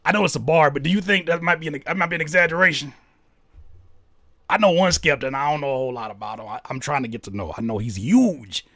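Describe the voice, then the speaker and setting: A man hosting a casual reaction commentary, talking in an animated, incredulous way that jumps high when he is baffled. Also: fast talker, no echo, studio quality. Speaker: reaction video host.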